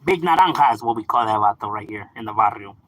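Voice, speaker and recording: A bright, bouncy man's voice, swinging high and low as he chats casually on a livestream. His tone is husky and close to the mic. He is full of slang, slips into Spanish, and laughs easily. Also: expressive, fast, no echo. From Los Angeles, California. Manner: slangy, laughs often, switches into Spanish words. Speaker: livestream host reading chat.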